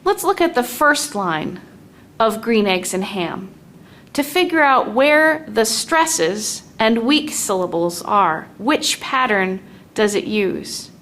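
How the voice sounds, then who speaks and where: A woman teaching a lesson on poetic meter, speaking slowly and deliberately and tapping out the stressed and weak beats aloud. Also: on the high side, big pitch swings, fairly bright tone, a little hiss or hum.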